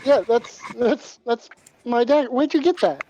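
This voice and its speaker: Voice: mid-range voice, moderate pace, mellow, soft background music, voice pushed up, natural voice, low-quality recording. A tabletop game player voicing a small female fairy who insists on what is hers. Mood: insistent. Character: small female fairy, possessive of her dagger.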